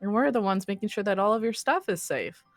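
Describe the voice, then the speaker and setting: A young woman running a tabletop role-play as game master, narrating in a quick, chatty way and laughing often. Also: mid-range voice, lively intonation, no echo, clean studio sound, soft background music.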